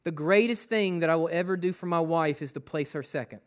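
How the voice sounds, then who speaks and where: Male pastor with a high voice, preaching conversationally, full of rhetorical questions. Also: fairly quick. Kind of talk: sermon.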